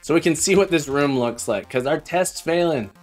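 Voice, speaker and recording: A man's voice: fairly high pitch, normal speed, faint music behind. A man live-streaming while he codes, chatting casually and thinking aloud as he debugs, with a self-mocking manner.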